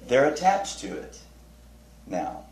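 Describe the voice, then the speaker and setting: Lively man teaching a group. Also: medium pitch, slow pace. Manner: chatty and animated, asks the group questions; tells funny anecdotes with restarts. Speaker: Bible study teacher. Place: room with a small group. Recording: roomy, distant mic, faint noise.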